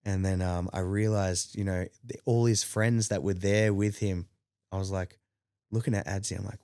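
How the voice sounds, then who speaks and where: Lively Australian man telling a story. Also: moderate pace, no echo, studio quality. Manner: animated, acts out quotes with rising pitch, many fillers. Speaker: podcast guest. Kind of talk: casual storytelling.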